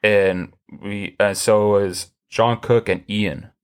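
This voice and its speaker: A man's voice: on the low side, takes it slowly, smooth. A man hosting a casual podcast chat, telling long rambling stories with many restarts. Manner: rambling, animated storytelling with many restarts and laughs. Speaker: podcast host.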